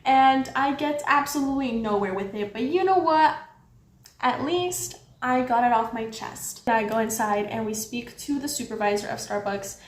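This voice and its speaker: A young woman telling a storytime vlog with lots of swearing, animated and quick to get loud when heated. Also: on the high side. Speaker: vlogger. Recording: roomy echo with faint background noise.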